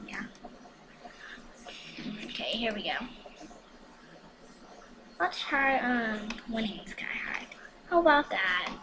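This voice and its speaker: Hyper, slow-drawling woman gamer. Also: on the high side. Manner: hyper and chatty, with whispered asides. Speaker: gaming vlogger. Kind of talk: casual gameplay commentary. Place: home. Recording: noisy home recording.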